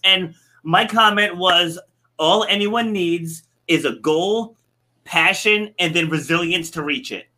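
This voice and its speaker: A man's voice: high-pitched, slow, pushed and bright. A man hosting a podcast, chatting casually and telling stories animatedly, laughing often. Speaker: podcast host. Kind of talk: casual conversation.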